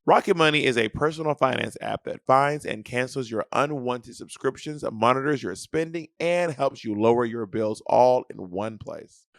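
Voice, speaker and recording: A man's voice: mid-range voice, normal speed, hardly any pauses, dry recording, clean studio sound. A man in his thirties co-hosting a podcast, reading sponsor ads in a playful, sassy, teasing way. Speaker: podcast co-host.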